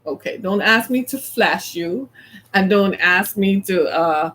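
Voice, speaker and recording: A middle-aged woman from the American South, chatting casually as a host, animated and laughing often as she plays out little scenes. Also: mid-range voice, a little slow. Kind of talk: casual chat.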